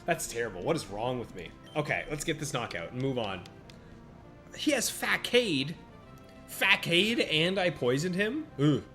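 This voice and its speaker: A man giving casual live-stream commentary while playing a monster-battle game, chatting with viewers by name and reacting out loud to each turn. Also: on the high side, animated, measured pace. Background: faint game music.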